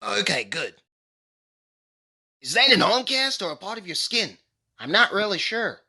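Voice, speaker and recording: A performer voicing a short-tempered male clay-animation figure who yells and makes dares in a comedy movie review. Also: mid-range voice, very animated, unhurried, vocal fry, full character voice. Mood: puzzled.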